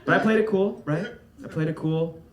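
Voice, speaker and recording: A young man doing a stand-up comedy set on stage, with a light, fairy-tale-like voice. He is animated and laughs through his punchlines. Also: a little high, a little fast. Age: young adult. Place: comedy stage before a live audience. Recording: roomy live venue, loud audience noise.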